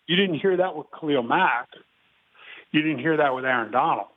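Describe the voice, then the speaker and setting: A man in his fifties, a guest giving measured football analysis and clearing his throat often. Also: fairly high pitch. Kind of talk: casual phone interview. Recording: tinny phone line.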